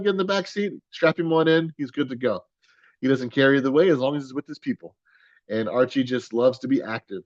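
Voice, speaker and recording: An enthusiastic man hosts a virtual adoption event, cheerfully selling each dog to the audience and laughing easily. His voice sits at a middling pitch. It comes through a dull video call connection with a dry, close sound. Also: no echo. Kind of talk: upbeat promotional chat.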